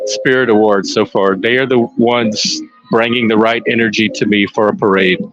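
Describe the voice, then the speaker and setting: A man, casually commenting on a parade live for listeners, excitable and chatty. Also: lowish voice, moderate pace, lo-fi sound, soft background music. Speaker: live stream panelist. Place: outdoors at a street parade.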